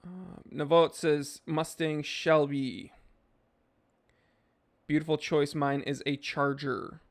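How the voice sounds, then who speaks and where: A man's voice: on the high side, fairly even intonation, slow pace. A man hosting a live stream, reading chat messages and answering in a laid-back, rambling way with lots of fillers.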